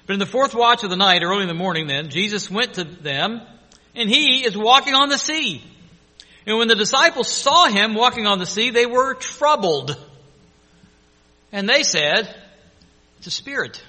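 Man, preacher, earnest sermon, high voice, long hall reverb. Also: expressive, moderate pace, bright, forceful tone.

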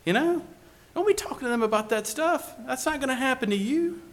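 A man's voice: very high voice, animated, brisk, voice pushed up. A man voicing a worried male friend who pleads and reassures. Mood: pleading.

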